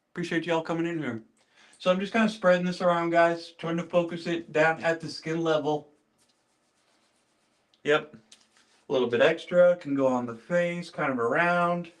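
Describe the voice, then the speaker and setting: This host's voice is fairly high-pitched with a fairly bright tone. During his casual livestream he goes through his beard care routine, talking with viewers, welcoming them by name, and repeating his phrases.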